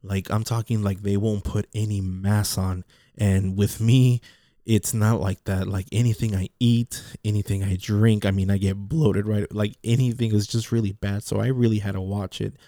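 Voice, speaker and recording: A man's voice: on the low side, fairly even intonation, normal speed, mellow, no room sound, studio quality. A man talking casually in a rambling monologue, repeating words and restarting his sentences. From Mexican heritage.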